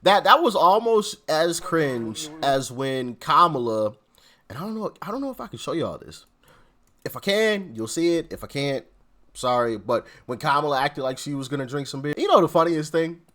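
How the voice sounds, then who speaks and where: A male commentary host reacting casually, laughing often and sounding exasperated. His voice sits slightly high and moves through a lively range. He talks in loose, informal slang. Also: moderate pace.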